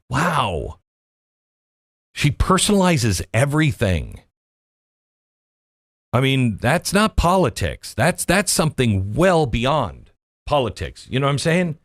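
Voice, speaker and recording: A man's voice: medium pitch, very animated, slow, pauses often, no echo, studio quality. A man hosting a political opinion show, delivering a monologue full of rhetorical questions and folksy asides. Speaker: political commentary host.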